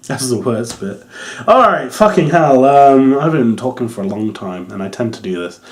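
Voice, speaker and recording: Young male reviewer, lively pitch, rambling and amused, casual swearing. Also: a little slow, pauses often. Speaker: wrestling reviewer.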